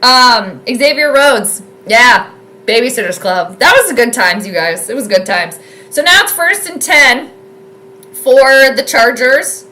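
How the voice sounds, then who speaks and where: Bright, excitable woman streamer. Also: on the high side, unhurried, slight background noise. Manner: chatty, excitable, rambling with fillers. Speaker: sports streamer doing live game commentary. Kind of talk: casual live commentary.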